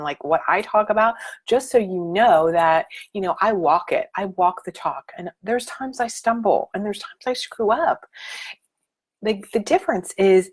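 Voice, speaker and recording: A middle-aged woman with a slightly low voice coaches her viewers on a casual live stream. She talks in an animated, motivational way, leaning hard on key points. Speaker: life coach.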